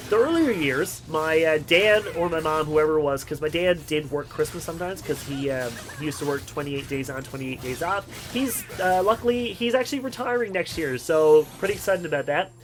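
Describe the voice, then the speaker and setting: A young man hosts a gaming channel, chatting in a rambling way about his personal life over gameplay and laughing often. His voice is on the high side, and the low-quality recording has slight background noise.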